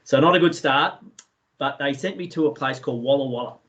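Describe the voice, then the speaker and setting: Aussie bloke telling a fire story, lots of uhs, kinda muffled lo-fi call sound. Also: male voice, medium pitch, fairly quick, fairly bright tone. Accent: Australian. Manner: chatty, anecdotal, many fillers. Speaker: guest speaker. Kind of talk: storytelling talk in an online session.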